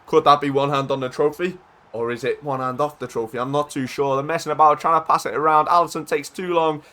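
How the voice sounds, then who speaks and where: A man giving casual, excitable commentary over his own football video game match, chatting and shouting at goals. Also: medium pitch. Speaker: gaming YouTuber.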